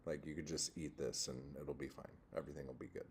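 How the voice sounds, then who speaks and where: A man's voice: very deep voice, fairly even intonation, quick pace, breathy edge. A man hosting a casual livestream, reading chat and rambling, profane and easily worked up.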